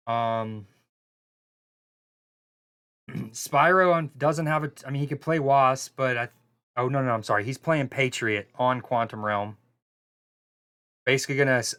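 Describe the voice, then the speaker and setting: Chatty man doing casual esports commentary. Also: mid-range voice. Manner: chatty, loose, excitable, with frequent fillers and restarts. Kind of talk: casual live stream commentary.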